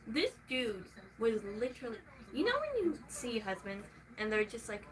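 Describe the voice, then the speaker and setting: A young woman venting in a casual vlog, swearing freely and swinging from soft talk to loud shouting. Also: fairly high pitch, big pitch swings, moderate pace, few pauses, noisy background.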